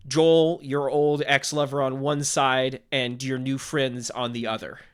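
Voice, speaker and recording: A man narrating as game master of a tabletop game, relaxed and full of fillers as he sets the scene. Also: mid-range voice, measured pace, smooth.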